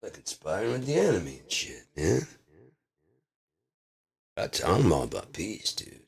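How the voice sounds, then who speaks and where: A man delivering a rambling comedic monologue in laid-back rocker slang, drawling and swinging from loud bursts to mumbles. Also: low voice, wildly swooping pitch, moderate pace, creaky, breathy edge.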